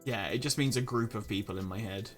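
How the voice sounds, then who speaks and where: A man's voice: fairly low pitch, quick pace, soft background music. A man with an English accent hosting a livestream, chatting casually with frequent restarts. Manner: chatty, hesitant, self-correcting. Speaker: streamer host. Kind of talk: casual stream chat.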